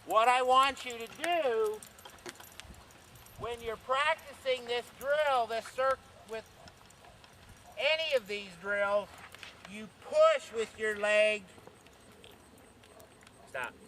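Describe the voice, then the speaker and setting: A man's voice: very high voice, slow, long pauses, pushed and bright, slight background noise. A man teaching horse riding while on horseback outdoors, counting strides aloud and checking in with his listeners. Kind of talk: instructional talk while riding.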